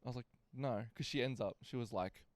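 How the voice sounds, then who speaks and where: A man's voice: mid-range voice, fairly quick, no room sound. A young man telling a casual, sweary story on a podcast and acting out what other people said. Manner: swearing, acts out quotes in other voices. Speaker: podcast co-host.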